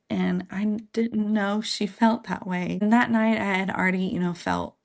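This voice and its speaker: A woman's voice: lowish voice, creaky. A woman in her thirties, a podcast guest, candidly and earnestly sharing a personal story in an interview. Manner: candid, earnest, faith-filled. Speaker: podcast guest, single mother.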